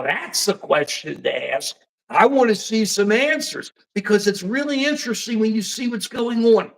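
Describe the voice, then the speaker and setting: Older american guy hosting a talk show, kinda high voice, rambles and acts stuff out. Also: vocal fry, poor audio. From United States. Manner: animated, rambling, acts out dialogue. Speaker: podcast host. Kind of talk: casual political talk show.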